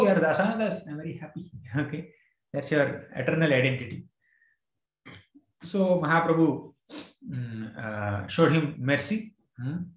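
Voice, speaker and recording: A man's voice: a little high, reverberant, rough recording. A man giving a scripture class, retelling a story with quoted verses and frequent fillers. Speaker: spiritual teacher.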